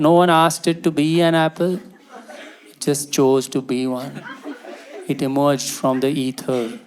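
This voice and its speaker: A man doing a stand-up comedy set, with exasperated, incredulous rants and sudden loud outbursts. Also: fairly high pitch. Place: comedy venue, on stage before an audience. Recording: live show with crowd laughter and noise.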